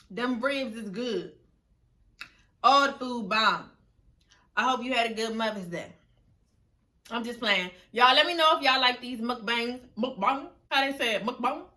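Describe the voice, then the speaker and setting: A woman vlogger chatting casually while eating, relaxed and laughing often, recorded outdoors. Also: fairly high pitch, normal speed, long pauses. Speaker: mukbang vlogger. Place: outdoors, windy.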